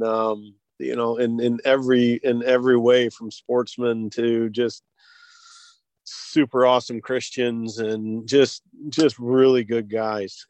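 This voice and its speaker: Male guest, American, casual storyteller, mid-pitched, lots of restarts and light laughs, dry close sound. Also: no room sound. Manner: halting, many restarts and chuckles. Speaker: guest, hearing device company co-founder.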